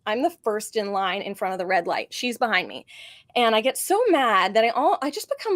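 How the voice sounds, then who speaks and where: Animated woman doing stand-up. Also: normal speed. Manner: animated storytelling, big jumps in pitch on punchlines. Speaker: student stand-up comedian. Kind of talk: stand-up storytelling. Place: comedy showcase stage.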